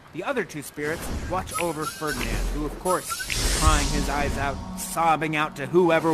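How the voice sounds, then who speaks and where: A man leading an improvised drama game, directing players in a playful, theatrical, coaxing way. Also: on the high side.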